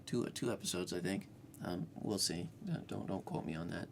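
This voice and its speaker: A man's voice: low-pitched, moderate pace, vocal fry. A man hosting a screen-share coding tutorial, talking casually with lots of fillers and restarts, at home. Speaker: programming tutorial host.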